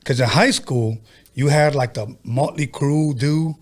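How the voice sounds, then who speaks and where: A man hosting a podcast, asking eager, loud questions in casual chat with lots of fillers. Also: mid-range voice. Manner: loud, excitable, quick questions with many fillers. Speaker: podcast host.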